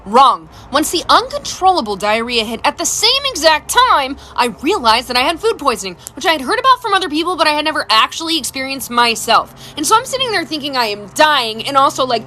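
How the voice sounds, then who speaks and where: A woman's voice: high-pitched, a little fast, hardly any pauses, slight background noise. A woman in her thirties casually telling funny family stories, acting out the people she quotes and laughing often. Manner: animated, acts out quoted voices, laughs often. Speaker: storyteller. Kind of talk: casual storytime monologue.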